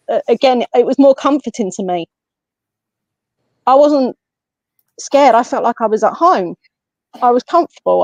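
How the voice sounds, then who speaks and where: A woman with an English accent, a guest on a podcast, telling a personal story in a casual, animated way and acting out what others said. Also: a little high, dry recording. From England. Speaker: guest, medium and paranormal investigator. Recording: slightly muffled, dry lo-fi audio.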